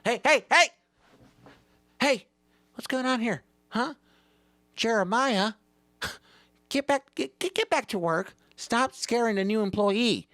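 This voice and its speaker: A man doing a high, scolding restaurant boss. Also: lively intonation, slow pace, long pauses, no echo, heavily acted. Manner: sharp, scolding. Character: bossy male restaurant manager.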